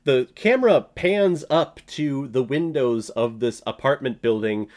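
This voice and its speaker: A young man giving a casual, jokey spoken film review, laughing and sometimes bursting into loud shouted bits. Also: medium pitch, expressive, unhurried. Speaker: movie reviewer.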